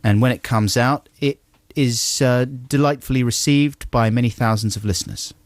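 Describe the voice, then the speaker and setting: A man's voice: mid-range voice, normal speed, no echo. An English man co-hosting a radio show in a studio, chatting casually and playfully with his co-host. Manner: playful, reads listener emails aloud with mock voices. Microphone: studio microphone.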